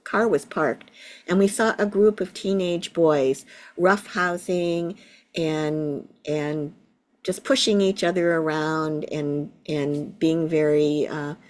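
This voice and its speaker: A middle-aged woman, a Buddhist teacher, gently telling a personal story in an interview. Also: deep voice, steady tone. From United States. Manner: slow, gentle, reflective storytelling.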